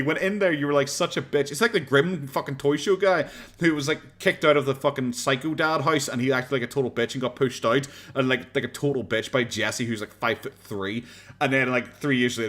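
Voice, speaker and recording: A man's voice: medium pitch, fast, a bit bright. An Irish man chatting casually as a streamer reacting to videos, rambling, swearing and laughing often. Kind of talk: casual chat.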